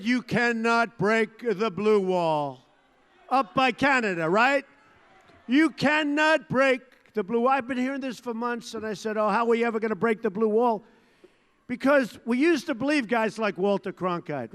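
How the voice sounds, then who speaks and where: A man's voice: high voice, fairly bright tone. An older man giving a rally speech as a political candidate, talking in an emphatic, repetitive, boastful way to a crowd. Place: large rally venue. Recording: long hall reverb from a big venue.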